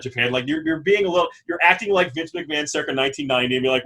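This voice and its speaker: A man co-hosting a casual podcast, talking animatedly, often laughing and breaking into quick character impressions. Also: on the high side, sharp tone. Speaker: podcast co-host. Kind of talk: casual chat.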